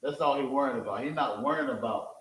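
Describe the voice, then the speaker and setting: Man, street preacher, middle pitch, echoey room, calls for verses. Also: quick pace. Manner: calls for verses, repeats "you understand?", animated. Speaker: street preacher teaching scripture. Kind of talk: scripture teaching with a reader.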